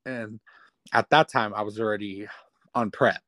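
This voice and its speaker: A man's voice: fairly low pitch, measured pace. A man in his thirties, a guest telling a personal story candidly and profanely, acting out what others said. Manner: candid, profane, quotes others in lively retellings. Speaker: interview guest. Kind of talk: casual storytelling.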